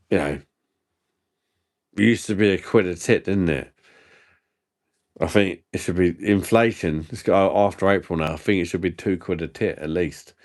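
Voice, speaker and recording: A man hosting a casual livestream chat, trading crude, self-mocking banter and laughing often. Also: sits low. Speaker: livestream host.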